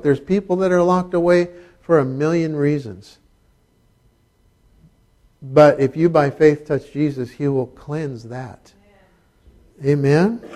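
Pastor, middle-aged man, slightly high voice, chatty sermon with jokes. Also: darkish tone. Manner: conversational preaching with asides and humor.

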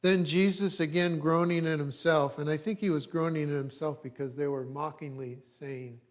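A man preaching, reading scripture aloud with emphasis and breaking off into quiet, conversational asides. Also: a little high, steady tone, normal speed, hardly any pauses.

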